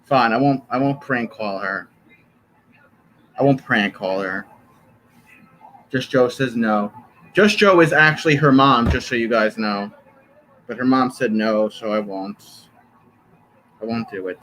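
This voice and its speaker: A man's voice: medium pitch, measured pace, long pauses, a bit bright, a little hiss or hum, poor audio. A young man streaming from his bedroom, chatting casually, joking and swearing as he rambles. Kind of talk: casual live-stream chat.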